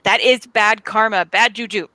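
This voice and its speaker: Woman, mid-range voice, lively tip-sharing chatter, dry close sound. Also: mid-range voice, normal speed, dry recording. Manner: animated, tip-giving storyteller. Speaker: chat participant. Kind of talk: casual chat.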